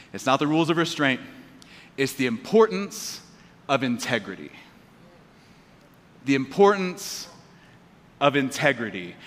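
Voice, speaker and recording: A male pastor preaching a lively call-and-response sermon in a casual, energetic way, recorded live in a church hall. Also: fairly high pitch. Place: church auditorium.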